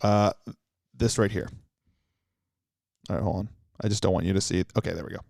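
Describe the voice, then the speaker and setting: Crude joking podcast host, dry sound. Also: male voice, sits low, fairly quick, vocal fry, no room sound. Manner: crude, animated, riffing on restaurant reviews. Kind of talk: casual comedic banter.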